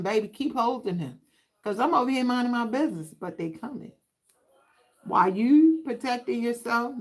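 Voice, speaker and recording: A woman with a medium-pitched voice gives a tarot reading on a casual livestream, and the audio is poor. Chatty and sassy, she talks straight to her viewers in an easy, conversational flow.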